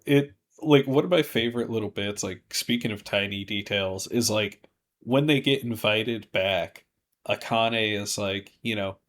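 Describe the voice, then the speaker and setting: A man's voice: measured pace, a bit bright. A man co-hosting a podcast in casual chat, joking and acting out characters' lines in exaggerated voices. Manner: jokey, acts out characters' lines with big pitch jumps. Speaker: podcast co-host.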